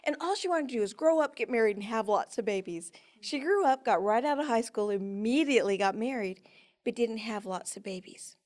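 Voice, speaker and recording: A woman in her fifties, a guest expert in an interview, telling a personal story with lively shifts between loud and soft delivery. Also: fairly high pitch, fairly quick, hardly any pauses.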